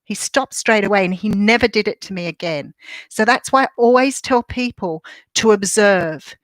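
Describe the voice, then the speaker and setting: A woman's voice: mid-range voice, normal speed, dry recording, poor audio. A middle-aged Australian woman hosting a casual live chat, talking reflectively and greeting viewers by name as she goes. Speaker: livestream host.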